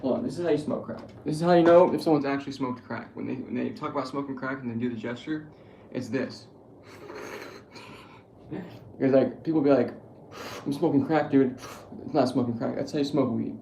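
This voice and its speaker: A man's voice: mid-range voice, vocal fry, darkish tone. A young man streaming, telling crude jokes in a rambling casual monologue full of swearing. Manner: crude, joking, profane storytelling. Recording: echoey room with faint noise.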